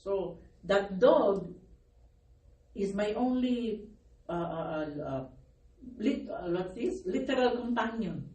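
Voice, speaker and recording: A woman's voice: medium pitch, expressive, slow, pauses often, dark tone. A middle-aged woman pastor preaching a sermon, her voice worn from crying, calling out for amens and laughing between phrases. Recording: echoey room, distant mic, faint noise.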